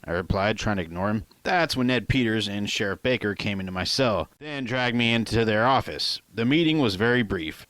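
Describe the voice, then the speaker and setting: A man with a low voice reads his own novel in first person. He keeps a plain, unhurried pace and now and then speaks straight to the listener. The recording is dry and close, with no room echo. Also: fairly bright tone. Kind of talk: first-person audiobook narration.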